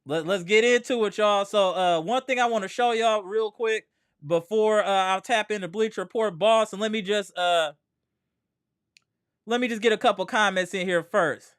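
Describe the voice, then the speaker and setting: A man's voice: high-pitched, moderate pace, a bit bright, smooth, no echo, clean studio sound. A man hosting a casual sports livestream, slangy and trash-talking as he greets chat viewers by name. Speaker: sports channel host.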